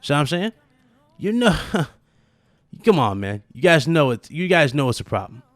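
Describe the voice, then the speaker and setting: Man, gaming vlog host, animated and chatty, dry close sound. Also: on the high side, measured pace, no echo, soft background music. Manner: animated, conversational, lots of fillers and asides. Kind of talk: casual gaming commentary vlog.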